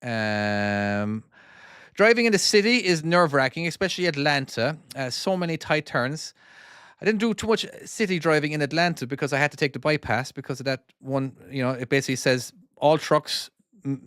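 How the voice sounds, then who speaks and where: A man's voice: mid-range voice, a bit bright, clean tone, no room sound, studio quality. A man in his forties with a Cork Irish accent, chatting casually on a livestream while he plays his own game and reads out comments, rambling and often repeating and restarting his words. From Ireland (Cork). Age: 40s. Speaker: indie game developer and streamer.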